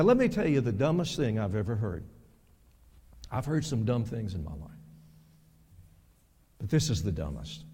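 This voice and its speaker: A man preaching a sermon as pastor, emphatic, repeating words for stress and swinging sharply in loudness and pitch. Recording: long reverb of a large hall.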